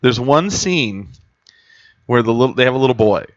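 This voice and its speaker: A man co-hosting a casual comedy talk show, telling animated stories. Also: mid-range voice, normal speed, no echo, highs cut off. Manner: animated storyteller, loud acted screams. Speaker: podcast co-host.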